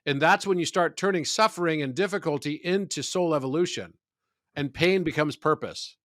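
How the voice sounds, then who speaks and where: A man who is a podcast guest, talking in a measured, reflective way about spiritual ideas and telling stories. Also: a little high, fairly bright tone, dry recording, clean studio sound. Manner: measured, storytelling, philosophical.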